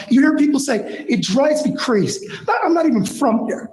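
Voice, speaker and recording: A man in his fifties, originally from Michigan, speaks from the heart at a school board meeting and keeps circling back on his thoughts. His voice is unusually high for a man. The room around him rings with echo. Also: big pitch swings, moderate pace, darkish tone. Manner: emotional, rambling, heartfelt. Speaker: teacher and coach. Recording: echoey meeting hall.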